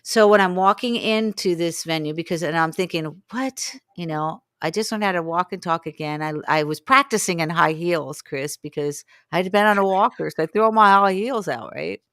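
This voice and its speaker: A woman's voice: lowish voice, moderate pace, few pauses, no room sound, studio quality. A woman in her sixties, a guest in an interview, telling a long story and acting out what people said to her. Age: 60s. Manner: animated, acts out quoted dialogue. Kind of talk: storytelling in conversation.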